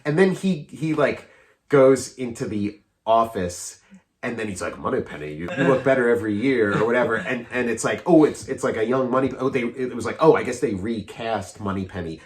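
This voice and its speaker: A man's voice: medium pitch, moderate pace. Rambling chatty man in his forties. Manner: rambling, full of "like" fillers and restarts; eager, often laughing. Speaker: podcast co-host. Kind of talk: casual chat about films.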